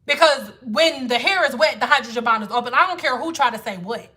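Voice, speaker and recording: A woman's voice: fairly high pitch, animated, fairly quick, pushed and bright. A woman hair care educator talking to viewers on a casual livestream, blunt and exasperated, with a lot of swearing. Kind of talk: casual livestream lesson and rant.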